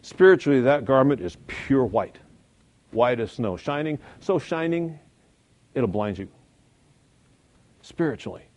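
A man leads a church Bible lesson in a chatty, folksy manner. His pitch moves a lot, and he stretches words out when he wants a point to land. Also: animated, a little slow, long pauses, darkish tone. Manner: conversational, folksy, chuckles at own points. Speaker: Sunday school teacher.

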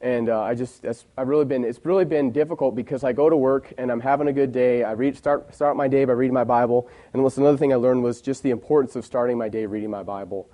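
A man's voice: mid-range voice, steady tone, fast, hardly any pauses, warm tone. A man in his twenties giving an earnest, heartfelt personal testimony to a congregation, rambling as he goes. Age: 20s. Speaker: church member giving a testimony.

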